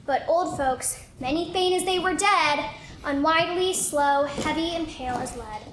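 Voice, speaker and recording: A woman's voice: high voice, normal speed, fairly bright tone. A woman acting an impatient young girl in love in a live stage play. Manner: impatient, pleading. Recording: echoey hall, noisy audience recording.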